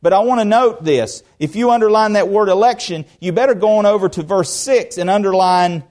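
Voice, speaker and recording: A man preaching a verse-by-verse sermon in an earnest, conversational way. His voice sits a little high for a man. He swings from emphatic peaks down to quiet, low asides and poses rhetorical questions to his listeners. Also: brisk. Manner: earnest preaching that swings between emphatic rises and soft drops. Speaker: pastor. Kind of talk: expository sermon.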